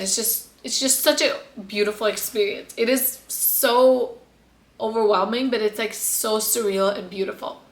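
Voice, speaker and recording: A young woman vlogs in a bright, clear voice, speaking straight to her viewers. She tells her story in a chatty, emotional way, full of "like" and "you guys". The sound has a noticeable roomy echo. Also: medium pitch. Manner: chatty, emotional, lots of fillers, addresses viewers directly. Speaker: vlogger. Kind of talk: casual vlog storytelling.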